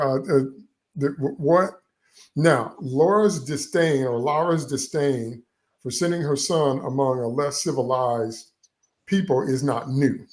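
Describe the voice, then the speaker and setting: A man's voice: medium pitch, slow. A man hosting a casual panel chat about a film, speaking in an incredulous way with laughing asides. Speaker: host.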